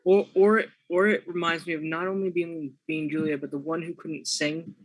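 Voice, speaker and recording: A man's voice: a little high, little pitch movement, moderate pace, poor audio. A man chatting on a video call, eager to chime in. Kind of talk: casual chat.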